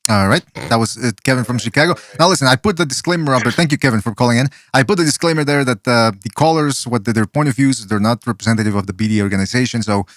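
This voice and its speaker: A man hosting a podcast and taking callers, talking in an excitable, chatty way and swearing casually. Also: medium pitch, quick pace, hardly any pauses. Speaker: podcast host.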